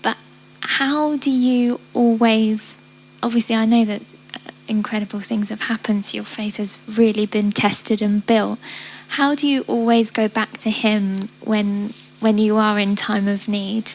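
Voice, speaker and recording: A woman's voice: mid-range voice, steady tone, a little slow, slight background noise, poor audio. A woman interviewing a guest at a church gathering, breaking in politely to ask a long, carefully built question.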